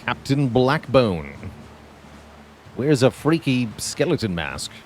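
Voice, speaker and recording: A man's voice: medium pitch, very animated, takes it slowly, a little mellow, a little hiss or hum. A man giving casual live-stream commentary on a game, chatty and thinking aloud as he plays.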